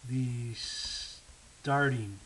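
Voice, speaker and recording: A man in the middle of his range explains a math lesson step by step. He talks with patience, checks in often with "okay?" and "right?", and slows down as he writes out each number. A faint hiss sits under the recording. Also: mid-range voice, a bit bright, rough recording. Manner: thinks aloud while writing, slows down on key numbers. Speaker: math teacher.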